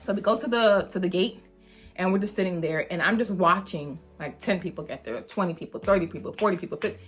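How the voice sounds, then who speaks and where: Mom vlogger doing a storytime, super animated, says like a lot, quiet music in the back. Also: female voice, on the low side, fast, husky. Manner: animated, emphatic storytelling with lots of "like". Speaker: mother and channel host. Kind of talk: storytime vlog.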